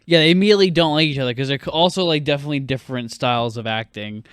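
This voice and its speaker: A young man co-hosting a casual film podcast, talking in quick, animated bursts and swearing a lot. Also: mid-range voice, clear, resonant tone, dry recording, clean studio sound. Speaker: podcast co-host.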